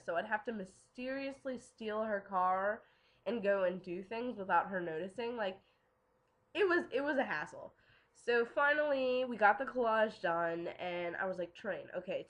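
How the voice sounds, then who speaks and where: A woman's voice: medium pitch, a bit bright. Chatty young woman telling a story. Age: young adult. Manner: chatty, lots of "like" and "um" fillers. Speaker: vlogger. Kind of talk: casual storytelling to camera.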